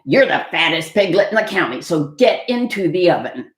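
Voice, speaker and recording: A woman's voice: lowish voice, sing-song, normal speed, reverberant. Woman doing a growly sly fox. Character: hungry sly male fox, gruff and scheming.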